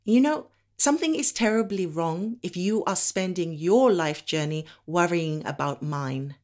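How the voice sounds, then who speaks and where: Woman from Africa, low register; measured spoken-word monologue delivery. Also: expressive, darkish tone. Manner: measured, deliberate delivery with slow emphatic pauses.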